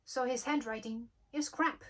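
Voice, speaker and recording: A young woman, hosting a storytime vlog and telling an anecdote in a lively way, acting out the dialogue. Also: on the high side, unhurried. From Germany. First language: German. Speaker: channel host.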